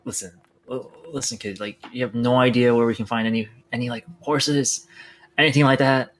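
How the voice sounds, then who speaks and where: A man's voice: mid-range voice, steady tone, fairly quick, a bit bright, slight background noise, low-quality recording. A man playing in a tabletop game, talking in character in a scheming, impatient way. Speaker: player. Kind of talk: in-character tabletop role-play.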